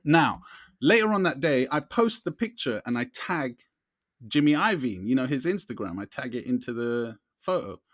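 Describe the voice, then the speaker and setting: A man, co-hosting a podcast and telling a long story in a lively way, often asking "you know what I mean". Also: mid-range voice, normal speed, no room sound, clean studio sound. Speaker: podcast co-host. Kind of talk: casual storytelling chat.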